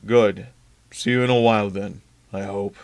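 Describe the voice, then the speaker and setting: A man reading aloud, voicing a matter-of-fact teacher who speaks slowly and firmly. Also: on the low side, steady tone, natural voice. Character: older male science teacher, matter-of-fact.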